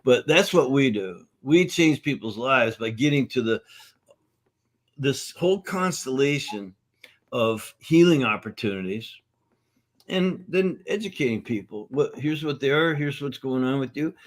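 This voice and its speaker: A middle-aged man with a mid-pitched voice, cheery and lively as he tells his stories. He talks in a relaxed, conversational interview style. He often slips into the voices of the people he is quoting. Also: a little slow. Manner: upbeat, animated storyteller who acts out quotes. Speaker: nutrition course founder and teacher. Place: conference event.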